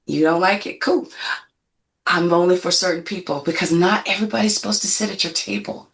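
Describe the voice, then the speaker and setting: A woman's voice: fairly low pitch, fairly even intonation, brisk, vocal fry, fairly bright tone. A woman in her fifties, a guest on a panel chat, telling stories in an emphatic, self-assured way. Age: 50s.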